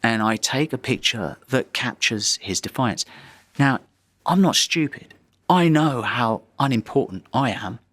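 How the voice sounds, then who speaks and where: A man's voice: medium pitch, animated, unhurried, fairly bright tone. A man, a photographer, telling a vivid anecdote in an interview, often restarting his sentences as he goes. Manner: vivid, dramatic storytelling with frequent restarts.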